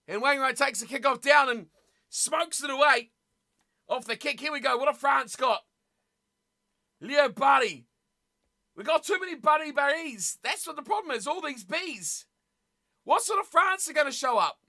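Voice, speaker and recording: High, bright, excitable rugby streamer. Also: a little slow. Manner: excitable, shouts and laughs at big plays; chatty, talks straight to viewers in chat. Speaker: streamer hosting a rugby watch party. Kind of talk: live casual commentary and chat reading.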